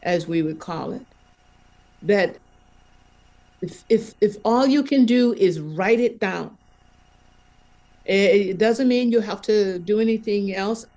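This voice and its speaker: A woman sharing a spiritual experience in a gentle, hesitant way, often repeating words. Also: medium pitch, takes it slowly, long pauses. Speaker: wisdom circle participant.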